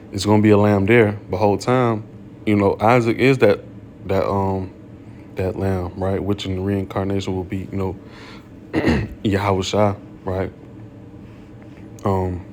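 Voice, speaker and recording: Low-voiced man teaching scripture casually. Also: a little mellow. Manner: reads scripture, then explains it in casual slang, tagging lines with "right?". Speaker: bible teacher.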